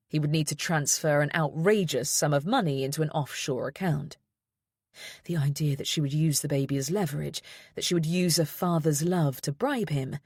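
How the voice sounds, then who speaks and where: A woman reading a first-person thriller audiobook in a measured, steady way. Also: deep voice, breathy edge, no echo, studio quality. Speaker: audiobook narrator.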